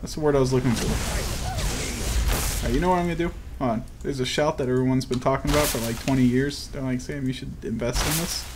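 A man's voice: mid-range voice, steady tone, fast. Profane joking young man playing a game. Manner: profane, joking, easily frustrated. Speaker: gaming video host. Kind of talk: casual gameplay commentary. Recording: audible background noise.

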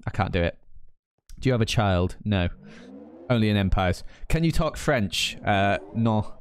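A man's voice: on the low side, a little hiss or hum. A man of twenty-nine from northern England, with a northern English accent, chatting casually on a live stream and reading out chat. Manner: chatty, rambling, quick to laugh.

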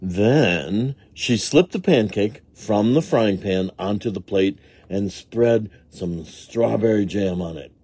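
Slow, husky male storybook reader. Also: fairly low pitch, dry recording. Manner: slow, gentle and expressive. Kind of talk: read-aloud storytelling for children.

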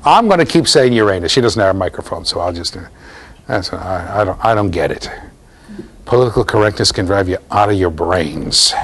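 A man lecturing a university class in a lively, jokey way, talking straight to the students. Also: low-pitched, brisk. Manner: animated, jokey, talks to students directly.

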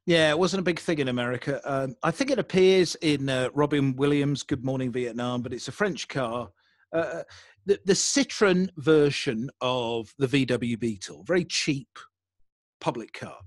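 A young adult English man telling a story in a casual interview, animated and self-deprecating. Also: mid-range voice, normal speed, no echo, studio quality. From England. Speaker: podcaster guest.

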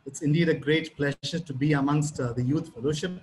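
A man's voice: on the high side, steady tone, fairly quick, a little mellow, slight background noise, low-quality recording. A man from Kerala, India, speaking as a pastor at an online youth Bible study, chatty, acting out both sides of a phone conversation while telling a story.

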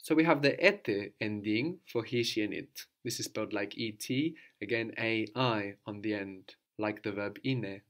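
A man's voice: on the low side, normal speed, few pauses, fairly bright tone. Patient man teaching a language lesson. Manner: patient, explanatory, asks the learner questions and repeats answers.

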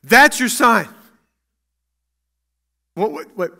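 A man preaching a sermon as pastor in a church, acting out Bible dialogue and swinging between loud and hushed. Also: high voice, big pitch swings, very slow, gravelly.

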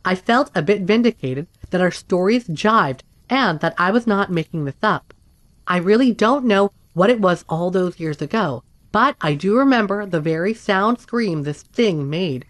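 A woman reading first-person accounts aloud in a steady, even scripted narration. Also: medium pitch, normal speed, no echo. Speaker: story narrator.

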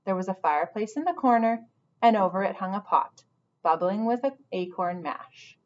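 A woman teacher reading a novel aloud, pausing patiently to guide her listeners. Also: medium pitch, animated, darkish tone, lo-fi sound. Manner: patient, instructive. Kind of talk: storybook read-aloud with asides to students.

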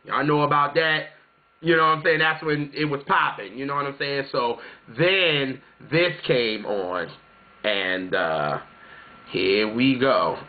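Chatty man with a tinny, phone-like sound. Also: medium pitch. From South Carolina, US. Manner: chatty, keeps saying "you know what I'm saying". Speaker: music vlogger. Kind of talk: casual storytelling to viewers.

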